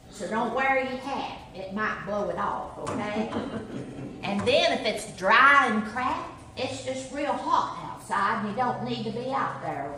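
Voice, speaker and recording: A woman's voice: on the high side, sharp tone, slight background noise. A middle-aged woman with an East Tennessee country accent, telling folksy comic stories to a live crowd and laughing at her own jokes. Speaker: comic impersonator. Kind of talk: live stand-up storytelling to a crowd. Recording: echoey room recording from far off.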